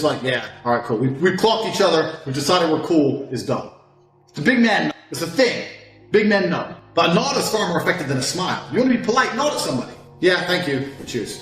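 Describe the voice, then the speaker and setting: Man, brash boastful lecturer, big swings in pitch and volume, roomy echo, faint music under. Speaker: self-styled dating and communication coach. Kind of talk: profane monologue course.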